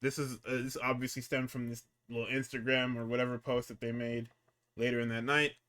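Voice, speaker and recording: A man co-hosting a casual wrestling podcast, profane and animated, acting out the people he quotes. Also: fairly quick, smooth. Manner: animated, profane, acts out quotes with big pitch jumps. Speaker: podcast co-host.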